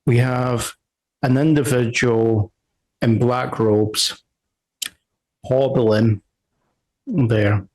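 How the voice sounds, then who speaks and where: A man's voice: medium pitch, steady tone, drawn-out words, long pauses, darkish tone, rough recording. A man running a tabletop game as game master, narrating scenes in a rambling way and correcting himself often.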